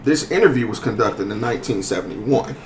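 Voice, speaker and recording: A man hosting a podcast discussion in a relaxed, conversational way with frequent fillers. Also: on the low side, fairly quick. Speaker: podcast host. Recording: echoey room with faint noise.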